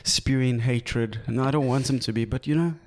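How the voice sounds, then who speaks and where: A man's voice: mid-range voice, darkish tone. A young man from South Africa co-hosting a comedy podcast, chatting casually with crude jokes and frequent laughter. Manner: jokey, crude, quick to laugh. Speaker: podcast co-host.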